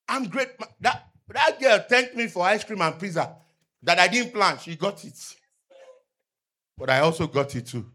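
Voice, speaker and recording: A middle-aged male pastor, preaching a sermon with emphatic call-and-response and loud peaks. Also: fairly high pitch.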